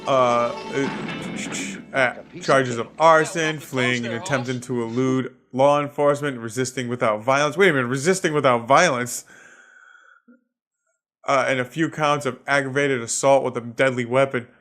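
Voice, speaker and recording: A man's voice: medium pitch, steady tone, normal speed, fairly bright tone, soft background music. Profane ranting man with a Boston accent. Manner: profane, ranting, laughs at own jokes. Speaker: podcast host and comedian. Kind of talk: solo comedic podcast rant.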